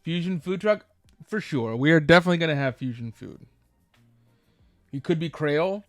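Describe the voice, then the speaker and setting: A man streaming a game live, chatting casually and thinking aloud with many halting restarts. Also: fairly high pitch, lively intonation, a bit bright, no echo, faint music behind.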